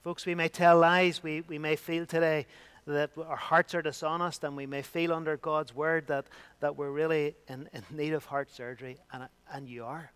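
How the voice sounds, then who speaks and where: A man preaching a sermon with emphatic delivery, rising loud and dropping to a hush. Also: fairly high pitch, flat delivery, normal speed, clear, resonant tone.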